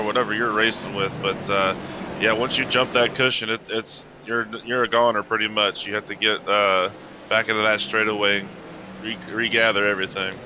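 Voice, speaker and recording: A man giving casual color commentary on a live sim dirt race, relaxed and a little halting as he explains. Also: lowish voice, slight background noise.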